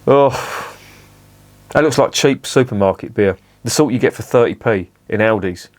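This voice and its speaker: A man's voice: mid-range voice, normal speed. A man reviewing a beer on camera, swearing often and grumbling sarcastically. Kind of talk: casual beer review vlog.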